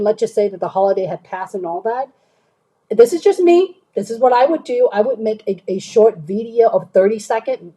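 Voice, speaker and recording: Chatty woman career coach, mellow husky voice. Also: mid-range voice, poor audio. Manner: chatty, keeps checking in with "okay?". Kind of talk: live-stream chat answering viewers.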